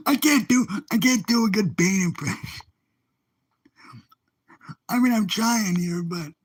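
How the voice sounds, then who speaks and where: Brief: man hosting a loose live stream, high-pitched, raspy, repeats himself cheerfully. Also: slow pace, long pauses. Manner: rambling, repetitive, upbeat filler exclamations. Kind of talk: casual livestream chat.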